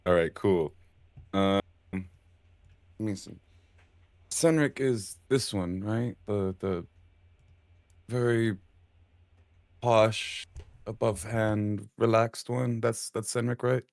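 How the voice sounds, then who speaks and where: A man with a fairly low voice, playing a tabletop game and working through his turns out loud. The sound is dry and close, with little room around it. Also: fairly even intonation, gravelly, no room sound. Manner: halting, stammering in character. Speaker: player. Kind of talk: tabletop role-play.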